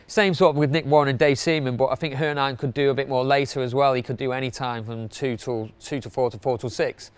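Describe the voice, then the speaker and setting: Casting: middle-aged man, smooth clear voice, relaxed rambling club-promoter chat. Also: mid-range voice, fast, few pauses. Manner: chatty, rambling, with fillers and laughs. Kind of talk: casual spoken countdown.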